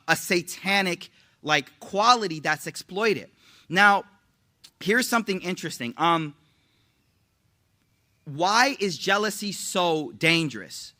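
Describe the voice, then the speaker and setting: Bright-voiced man giving a casual religious talk. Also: high voice. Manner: informal, slangy and joking, quotes Arabic then paraphrases. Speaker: Islamic teacher.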